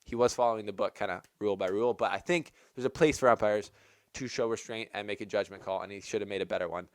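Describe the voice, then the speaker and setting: A man with a lowish, smooth and clear voice talks through his opinions on a match in a casual, rambling way. He leans on "like" and restarts as he thinks aloud. The sound is dry and close, with no room around it. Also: quick pace, dry recording. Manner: chatty, rambling, heavy use of "like". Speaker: tennis channel host.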